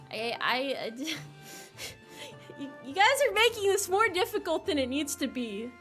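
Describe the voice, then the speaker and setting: A young woman streamer with a high, bright voice that leaps all over her range. She chats casually and teasingly with her viewers, and a little music plays faintly behind her. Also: expressive, normal speed. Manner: playful, teasing, mock-exasperated.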